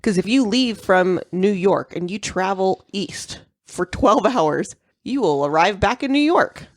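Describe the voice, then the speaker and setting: A woman's voice: mid-range voice, expressive, unhurried, no room sound, clean studio sound. A woman co-hosting a casual podcast, asking curious questions and making jokes. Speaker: podcast co-host.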